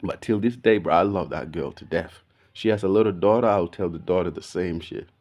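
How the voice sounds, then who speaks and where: A man, telling a story in a casual, slangy, animated way, saying "bro" all the time. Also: deep voice, brisk. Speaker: video podcast host.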